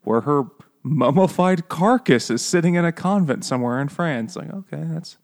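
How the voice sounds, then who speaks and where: A man's voice: on the high side, lively intonation, moderate pace, darkish tone. A man chatting casually in a book club, joking, swearing and laughing often. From raised Catholic. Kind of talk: casual chat.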